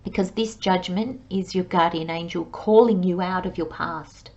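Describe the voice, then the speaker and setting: A woman's voice: lowish voice, normal speed, darkish tone, highs cut off. A woman giving a chatty tarot reading. She talks through her thoughts with plenty of fillers and acts out worried inner voices. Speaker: tarot reader. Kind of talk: monthly tarot reading monologue.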